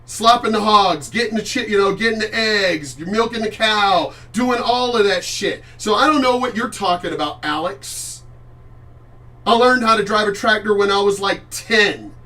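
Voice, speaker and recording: A middle-aged man vents on a livestream in a heated, profane rant. His voice sits high for a man. He talks from a little way back, so the sound sits at a distance from the mic. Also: normal speed, bright, forceful tone. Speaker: vlogger. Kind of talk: ranting live-stream monologue.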